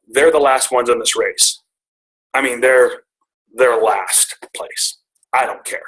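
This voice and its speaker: A man's voice: mid-range voice, sharp tone, poor audio. A middle-aged man telling a personal story to his team on a call, earnest and emotional, often restarting his sentences.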